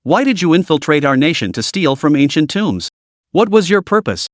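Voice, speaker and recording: A man's voice: a little high, very animated, normal speed, dry recording, studio quality. A man doing a wolfish menacing leader. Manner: commanding, menacing.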